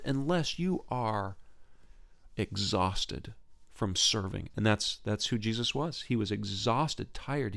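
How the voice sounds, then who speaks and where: A man hosting a Christian podcast, talking in an earnest, casual way, often repeating words and restarting, his pitch rising sharply when he gets excited. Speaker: podcast host.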